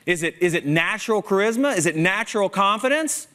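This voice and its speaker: A man giving a conference keynote talk, self-mocking and lively, putting many questions to the audience. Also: high voice, a little fast, few pauses. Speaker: keynote speaker.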